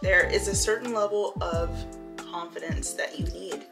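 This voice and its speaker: A woman's voice: on the low side, moderate pace, creaky, over music, poor audio. A young woman vlogging casually from inside her parked car, chatty and giggly, talking to a dashboard camera. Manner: chatty, giggly, lots of filler "like". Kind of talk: casual vlog chat.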